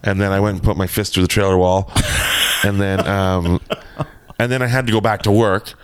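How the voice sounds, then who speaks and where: A man casually telling a backstage story, animated and swearing freely as he acts out what people said. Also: low-pitched, moderate pace, clear, resonant tone, dry recording.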